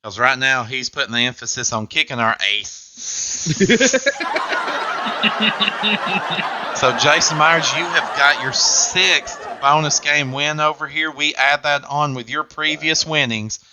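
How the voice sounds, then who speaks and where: A man's voice: on the high side, animated, slow, pauses often, sharp tone, a little hiss or hum. A man hosting a game show, with upbeat, jokey patter.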